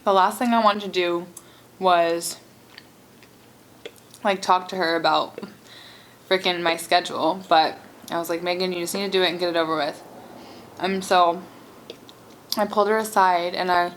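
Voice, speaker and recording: A woman's voice: lowish voice, fairly bright tone, a little hiss or hum. A young woman vlogger telling a casual storytime while eating, chatty and exasperated, with many "like"s. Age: young adult. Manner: chatty, heavy use of "like", exasperated.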